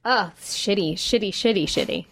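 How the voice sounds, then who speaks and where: A woman's voice: medium pitch, normal speed, gravelly. A woman co-hosting a parenting podcast, chatting casually and reading listener stories aloud. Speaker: podcast co-host. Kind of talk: casual chat.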